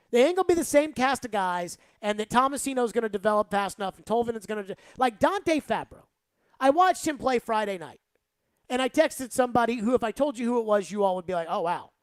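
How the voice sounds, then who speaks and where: A woman's voice: on the high side, dry recording. A woman hosting sports talk radio, giving rambling, emphatic opinions and saying "like" a lot.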